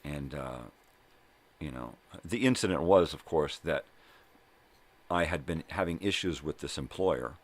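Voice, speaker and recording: An older man with a very low, rumbling voice hosts his own casual vlog. He tells a personal story in a loose, rambling way, swearing often and checking in with "right?" and "you know?" as he goes. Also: animated, unhurried, pauses often. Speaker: vlog host. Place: at home.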